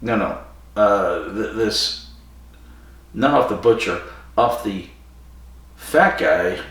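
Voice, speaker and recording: A man's voice: lowish voice, animated, slow, fairly bright tone. A man hosting a podcast, casually recapping a story with digressions and self-corrections. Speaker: podcast host. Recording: very echoey room, far from mic.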